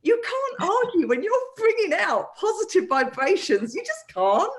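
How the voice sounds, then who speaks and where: A woman co-hosting a relaxed therapy talk, animated and playful, trailing off and restarting as she thinks aloud. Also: very high-pitched, moderate pace. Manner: animated, playful, breaks into sung and whispered asides. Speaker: co-host, therapist. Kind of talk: casual therapy chat.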